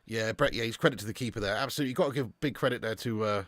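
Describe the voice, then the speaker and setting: A man hosting a live football watch-along, commentating and reading viewer chat, excitable and swearing freely. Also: lowish voice, racing, no room sound. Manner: excitable, swears freely, swings from muttering to shouting. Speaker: fan channel host.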